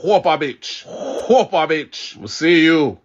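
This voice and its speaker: A man's voice: on the high side, animated, slow, highs cut off. A man playing a boastful Rasta kung fu fighter, chanting clipped commands.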